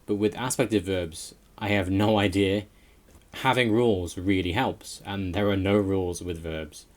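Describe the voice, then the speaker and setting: Low-voiced man giving a chatty opinion. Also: steady tone, normal speed, darkish tone. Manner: chatty, with fillers and self-corrections. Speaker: language learner. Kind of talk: casual opinion voice-over.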